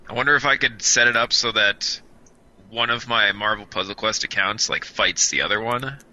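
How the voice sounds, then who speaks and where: A man's voice: on the low side, normal speed, sharp tone, highs cut off. A man co-hosting a casual podcast, playful and often laughing. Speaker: podcast co-host. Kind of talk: casual chat.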